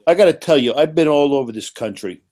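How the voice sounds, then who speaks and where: Profane New man, animated. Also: fairly high pitch, fast. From New York. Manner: animated, profane, frequent restarts. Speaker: panelist. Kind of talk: casual chat.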